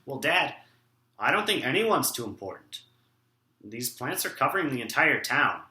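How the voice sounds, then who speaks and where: A man's voice: mid-range voice, big pitch swings, moderate pace, sharp tone, echoey room. A young man playing a nerdy, earnest teenage son who speaks hesitantly and politely.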